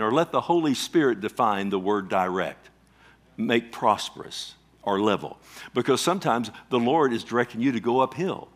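A man preaching a sermon, emphatic, calling out questions to the congregation and swinging between loud swells and quiet drops. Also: medium pitch. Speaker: pastor.

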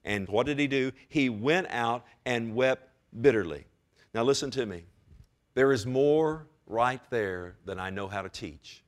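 A man's voice: medium pitch, animated, measured pace. A man preaching a sermon as pastor, with emphatic rises and direct calls to his congregation.

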